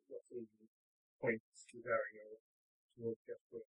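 A man narrating a tabletop game as game master, animated and giggly as he tells the story. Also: on the high side, normal speed, breathy edge. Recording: tinny phone-like line.

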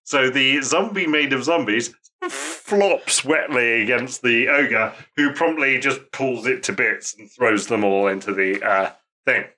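A man's voice: medium pitch, unhurried. A man narrating a tabletop game as game master, telling the action with laughs and the odd swear word. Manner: lively, laughing, profane storytelling.

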